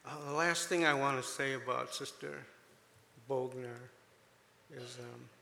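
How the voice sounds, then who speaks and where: A man's voice: mid-range voice, unhurried, creaky, slight background noise. Emotional man in an echoing church hall. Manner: chatty and emotional, with fillers and gentle jokes. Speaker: church volunteer speaking to a congregation. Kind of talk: informal testimony to a congregation.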